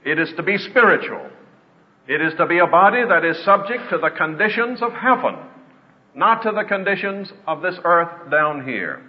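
A man preaching a sermon in an earnest way, slowing down to stress his points. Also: on the high side, sing-song. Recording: dull lo-fi with long reverb.

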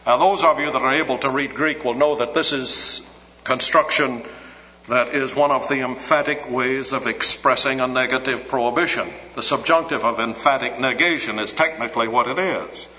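A man's voice: mid-range voice, a bit bright. A man preaching a sermon, earnest and teacherly, repeating his scripture text for emphasis. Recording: dull lo-fi recording in an echoey hall.

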